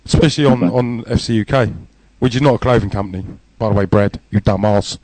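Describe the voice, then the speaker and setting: A man's voice: on the low side, quick pace, a little mellow. A man with a Southern English accent co-hosting a casual online radio show, joking crudely and laughing often. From Southern England. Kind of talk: casual banter.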